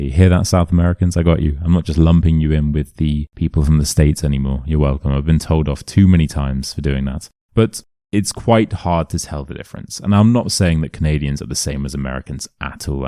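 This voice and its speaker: With a rumbling low voice and vocal fry, this young man from England, an English teacher with a modern RP accent, strolls through city streets telling stories for a casual vlog. He's a chatty, animated storyteller who acts out voices, and the audio is clean studio sound without room noise.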